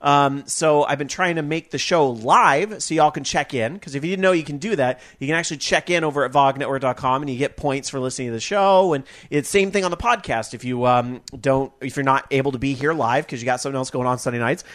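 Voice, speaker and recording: A man's voice: mid-range voice, fast talker, hardly any pauses, a bit bright. A man hosting a live gaming podcast, chatting in a rambling, upbeat and casual way. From Northern California. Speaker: podcast host. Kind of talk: casual live radio chat.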